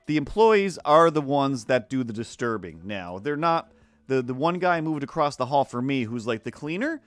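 A man's voice: medium pitch, animated, normal speed, no echo. A man tells a long, sarcastic story while drawing on a stream and slips into the voices of the people he quotes. The sound is dry and close, with faint music playing underneath. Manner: rambling, sarcastic, acts out quoted neighbors. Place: home art stream setup.

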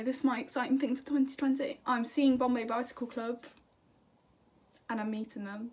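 A woman's voice: fairly high pitch, fairly even intonation, normal speed. A young woman chatting to camera in a bubbly, self-deprecating way, answering viewer questions. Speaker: singer and YouTuber. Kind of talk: casual chat to camera.

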